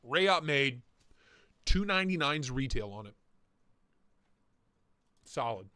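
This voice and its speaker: A man hosting a casual livestream, reviewing knife listings with crude jokes and frequent laughter, his voice going a bit hoarse. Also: mid-range voice, expressive, slow, pushed and bright, no echo, studio quality. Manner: crude joking banter, laughs often. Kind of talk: casual live-stream commentary.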